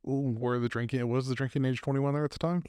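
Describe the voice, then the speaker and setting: Smooth-voiced man chiming in. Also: medium pitch, fairly even intonation, quick pace, a little mellow, dry recording, studio quality. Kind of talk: casual chat.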